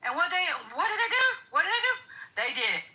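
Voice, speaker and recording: Woman guest, high and very bright voice, preachy and emphatic, repeats herself. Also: big pitch swings, quick pace, low-quality recording. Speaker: guest commentator. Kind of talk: heated political talk.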